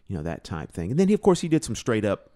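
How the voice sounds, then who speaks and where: A man, a guest on a podcast, telling a personal story in a casual, animated way and filling it with "you know". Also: on the low side, quick pace. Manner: animated storyteller, acts out quoted dialogue, many "you know"s. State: emotional, choked up. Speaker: podcast guest, drum teacher.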